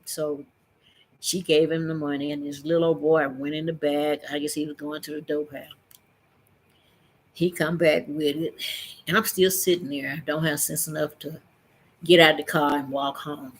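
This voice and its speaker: A middle-aged woman vlogger tells a personal story with energy, acting out the voices of the people in it. Her voice sits low and husky, at a normal speed.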